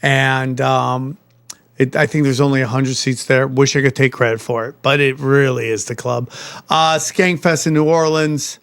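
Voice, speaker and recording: A man's voice: medium pitch, fairly even intonation, normal speed, vocal fry, fairly bright tone, smooth. A man hosting a podcast in casual chat, joking and swearing as he plugs tour dates. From United States. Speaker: podcast host.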